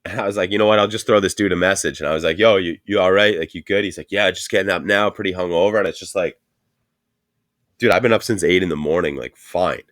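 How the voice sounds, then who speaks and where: A man with a deep, low voice co-hosts a podcast in loose casual chat. He rambles through stories, swears freely and laughs along the way. His voice sounds dry and close, with no room around it. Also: fast, a bit bright, dry recording. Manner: rambling profane storytelling, laughing often. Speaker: podcast co-host.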